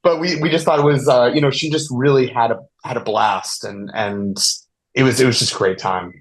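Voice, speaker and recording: A man's voice: medium pitch, a little fast, poor audio. A man, a TV showrunner, giving enthusiastic, rambling interview answers with many restarts.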